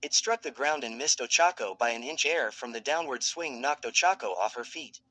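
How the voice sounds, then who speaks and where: A man narrating a fan fiction story in a steady, dramatic storytelling manner. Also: medium pitch, moderate pace, low-quality recording.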